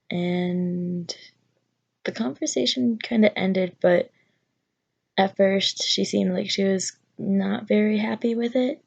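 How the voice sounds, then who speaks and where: A young woman shares her story in a home vlog, nervous and rambling, circling back on herself with lots of fillers. Her voice has a gravelly fry at the ends of phrases, and the recording sounds dull and lo-fi. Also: mid-range voice, fairly even intonation, a little slow, a little mellow. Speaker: vlogger.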